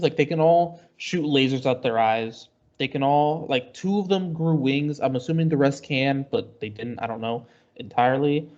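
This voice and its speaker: A man's voice: a little high, darkish tone. Man, podcast co-host, casual rambling recap, lots of fillers, dull lo-fi sound. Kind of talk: casual chat.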